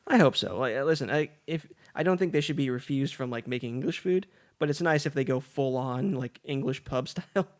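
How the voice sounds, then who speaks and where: A man co-hosting a casual podcast, rambling and joking with quick asides and quoted voices. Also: medium pitch. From San Diego area, California. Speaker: podcast co-host. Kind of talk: casual chat.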